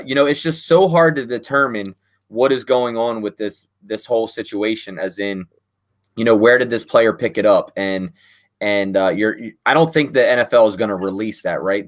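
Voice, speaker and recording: A man, a guest on a sports podcast, talking casually with lots of fillers. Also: fairly low pitch. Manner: laid-back, many fillers like "man" and "you know". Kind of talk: casual chat.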